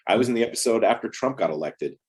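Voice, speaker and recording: A deep-voiced man with a slightly husky tone chats on a video call. He tells anecdotes in a relaxed, lively way, often slipping into quoted dialogue. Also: quick pace. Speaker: actor guest. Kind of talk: casual interview storytelling.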